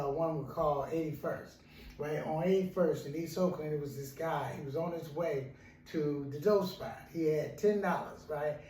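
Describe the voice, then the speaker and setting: A man's voice: on the high side, mellow, slight background noise. A male counselor telling a story in a rambling, repetitive way, often asking "right?". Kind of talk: storytelling talk. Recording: roomy echo, mic at a distance.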